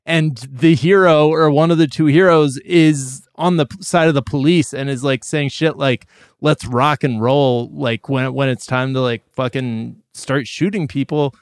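A man's voice: medium pitch, fairly even intonation, a little slow, no echo, studio quality. A man co-hosting a podcast, talking in a rambling, offhand, profane way. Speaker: podcast co-host. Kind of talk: casual chat.

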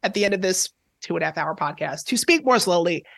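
A man who is a tennis journalist, chatting as a podcast guest, talking quickly and excitably with lots of restarts. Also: sits high, vocal fry, no room sound. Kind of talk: casual podcast chat.

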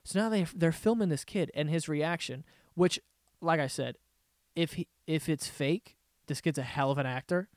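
A young man rants on his podcast in a crisp, smooth voice that sits a little high. He tells a story casually, swearing often, exasperated and joking. The sound is close and dry, with no room echo. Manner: profane, exasperated, jokey storytelling. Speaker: podcast host. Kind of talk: casual ranting monologue.

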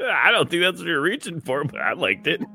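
A man's voice: on the high side, sing-song, fairly quick, gravelly, pushed and bright. A man co-hosting a casual sports talk show, making dry, short remarks. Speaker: podcast co-host.

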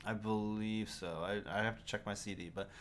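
A man co-hosting a casual movie podcast, measured and fact-checking, with frequent ums and restarts. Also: lowish voice, fairly even intonation, a little hiss or hum. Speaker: podcast co-host. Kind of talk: casual movie review chat.

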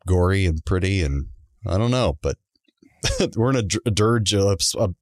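A man's voice: deep voice, expressive, moderate pace, darkish tone, no room sound, studio quality. A man co-hosting a podcast in loose casual chat, laughing often as he talks. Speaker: podcast co-host.

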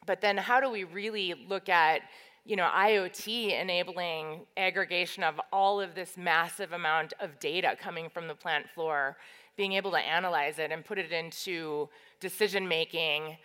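Woman panelist, lower pitch, bright voice, loose and explanatory, reverberant hall. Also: steady tone, moderate pace. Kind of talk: conference panel talk. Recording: reverberant hall on stage mic.

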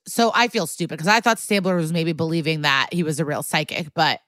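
A woman with a slightly low voice talks through a TV episode as a podcast co-host. Her delivery is loose and chatty, with lots of filler and casual swearing. The recording is dry and close, with no room sound. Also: a little fast, a bit bright, no room sound. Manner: chatty, swears freely, heavy use of "like".

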